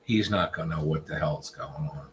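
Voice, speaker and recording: A man's voice: very deep voice, normal speed, a little hiss or hum. A man hosting a casual livestream chat, teasing and joking with his viewers. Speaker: livestream host.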